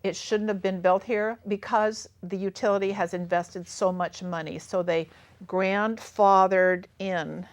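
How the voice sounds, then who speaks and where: A woman's voice: medium pitch, fairly even intonation, measured pace, no room sound. A woman activist guest in an interview, explaining in earnest detail with some hesitations. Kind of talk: casual interview chat.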